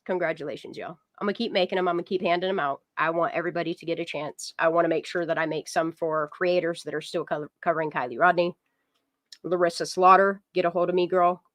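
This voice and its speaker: A woman hosting a casual live stream, chatty and excitable, rambling through long asides and talking to her dog. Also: fairly low pitch, quick pace, dry recording. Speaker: livestream host.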